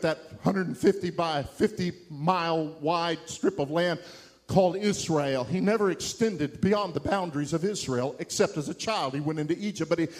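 High-pitched, impassioned male preacher. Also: darkish tone. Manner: impassioned, rising to emphatic peaks. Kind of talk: evangelistic sermon.

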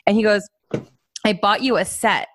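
A woman's voice: medium pitch, moderate pace, dry recording. A woman co-hosting a casual podcast, chatting in a rambling, giggly way with lots of fillers. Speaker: podcast co-host. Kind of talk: casual chat.

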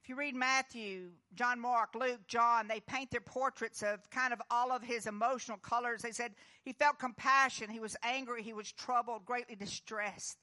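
A woman pastor giving an earnest, comforting sermon, dropping to a hush and then rising with emphasis. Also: fairly high pitch, steady tone, moderate pace, few pauses. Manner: earnest, comforting, moves between hushed and emphatic.

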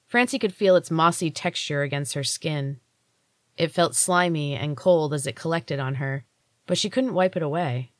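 A woman narrates her own fantasy story in a low, steady voice. The reading is measured and even, recorded dry and close to the mic. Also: no echo. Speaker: podcast host and author reading her fiction. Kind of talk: audiobook narration.

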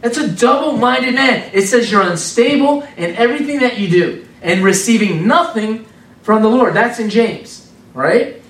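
A man preaching an informal, animated sermon in a conversational way, repeating words for emphasis. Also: high voice, normal speed, recorded from a distance. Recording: roomy sound from off the mic.

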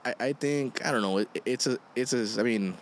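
A man's voice: mid-range voice, fairly quick, a little hiss or hum. A man co-hosting a casual podcast, rambling with lots of fillers and laughing along easily. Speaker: podcast co-host.

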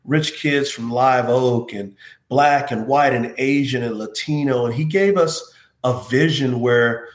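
A man's voice: medium pitch, unhurried. A man, a former pro football player, earnestly recounting a personal story as an interview guest. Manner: earnest, heartfelt, reflective. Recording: roomy echo.

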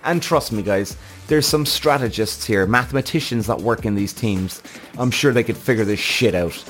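A man's voice: mid-range voice, moderate pace, a bit bright, faint music behind. A man hosting a motorsport reaction vlog, ranting in a heated, profane, exasperated way. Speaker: F1 reaction show host.

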